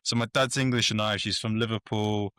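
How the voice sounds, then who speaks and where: Male podcast host, enthusiastic and rambling, bright forceful voice. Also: on the low side, steady tone, brisk, clear, resonant tone, no echo, studio quality. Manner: enthusiastic, rambling, many restarts. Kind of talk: casual interview chat.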